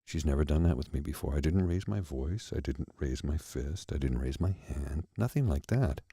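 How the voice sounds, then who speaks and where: A man hosting a soft-spoken ASMR chat, reflective and halting, with pauses and restarts, close to the mic in a quiet room. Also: very deep voice, lively intonation, slightly rough, no echo. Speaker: host.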